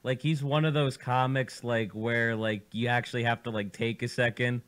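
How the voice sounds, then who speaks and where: A man hosting a casual radio studio show, animated and teasing, swearing freely as he jokes with his guests. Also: mid-range voice, normal speed, smooth.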